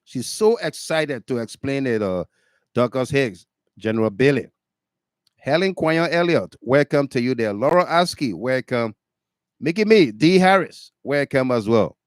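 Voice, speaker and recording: A man hosting a radio talk show, commenting in a drawn-out, emphatic, chatty way. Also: mid-range voice, lively intonation, dry recording.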